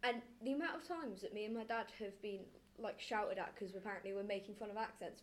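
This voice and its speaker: A woman taking part as a student guest, answering in an animated way. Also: medium pitch, quick pace, hardly any pauses, slight background noise.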